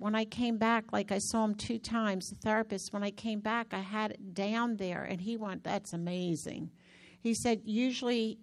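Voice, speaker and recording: A woman minister talking casually about recovering from a hand injury, telling the story in a chatty, animated way with many restarts. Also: medium pitch. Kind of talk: casual testimony.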